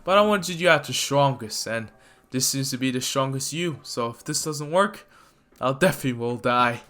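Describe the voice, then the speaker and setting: A man voicing a determined young male hero who stands up calmly to a stronger foe. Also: medium pitch, normal speed, close to an everyday voice. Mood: resolute. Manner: earnest, defiant.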